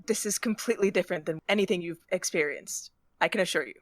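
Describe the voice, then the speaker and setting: A woman's voice: on the low side, fast talker, dry recording. Woman player, dry close sound. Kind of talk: tabletop roleplay banter.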